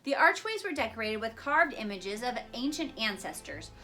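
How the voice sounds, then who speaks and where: Woman storyteller, bright tone, lively pitch, faint music under her reading. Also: normal speed. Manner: expressive, dramatic reading. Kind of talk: storybook read-aloud.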